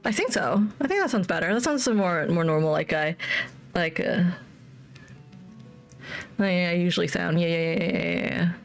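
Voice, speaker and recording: A woman's voice: lowish voice, lively intonation, moderate pace, long pauses, soft background music. A young woman livestreamer chatting casually with viewers, rambling and repeating herself. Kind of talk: casual stream chat.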